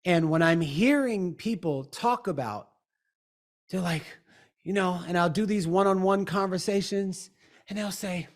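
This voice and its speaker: A man's voice: high voice, measured pace. A man, a motivational speaker and coach, talking emphatically as an interview guest. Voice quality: had a speech impediment in youth. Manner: emphatic, acts out quoted people.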